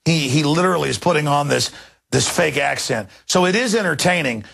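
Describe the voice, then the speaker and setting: A man's voice: fairly high pitch, animated, a little fast, gravelly, fairly bright tone, slightly rough. A man in his thirties hosting a news commentary show, ranting indignantly and mocking what he reports. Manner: indignant, mocking, shifts into exaggerated impressions. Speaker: talk radio host.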